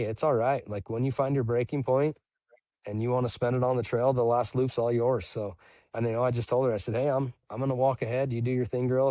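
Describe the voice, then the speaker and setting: A young man telling race stories in relaxed casual chat, dropping "dude" and "bro" as he goes. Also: medium pitch, no room sound. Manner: laid-back, says "dude" and "bro" a lot. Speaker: podcast guest, ultramarathon runner.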